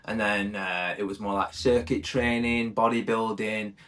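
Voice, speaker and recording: A man's voice: on the low side, flat delivery, unhurried, fairly bright tone. A man in his thirties, a firefighter from the UK, talking candidly and reflectively as a podcast guest, calling the host mate. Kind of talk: casual conversation.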